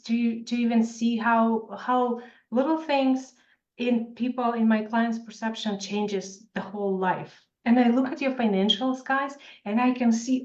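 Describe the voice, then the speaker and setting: A woman's voice: a little high, a little mellow. A woman coach speaks in short, emphatic bursts in a motivational interview. Her voice sits in a roomy space. The sound is dull and lo-fi. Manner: emphatic, short punchy phrases. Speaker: author and financial coach.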